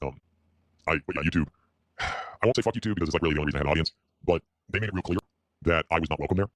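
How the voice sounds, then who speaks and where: A man chatting on a livestream in a rambling, halting way, stammering and repeating his words. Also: sits low, fairly bright tone, dry recording. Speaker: streamer.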